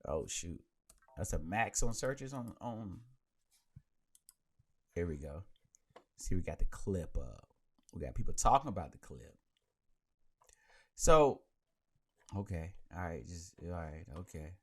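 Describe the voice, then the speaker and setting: Lively, rambling podcast guy. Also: sits low, slow pace, pauses often, breathy edge. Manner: animated and rambling, with many restarts. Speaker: podcast host. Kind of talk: casual chat on a live stream. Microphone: handheld mic.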